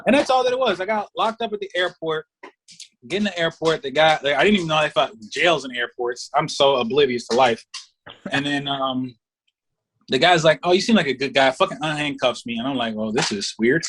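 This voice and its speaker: A man's voice: on the high side, a little fast. A man as a podcast guest, telling a story in casual, profane talk and acting out the voices of the people in it. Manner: profane, animated, acts out voices in anecdotes.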